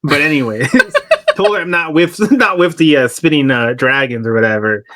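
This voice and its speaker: A man's voice: fairly high pitch, lively intonation, moderate pace, fairly bright tone. A man playing a tabletop game, rambling casually and laughing through his lines. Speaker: player.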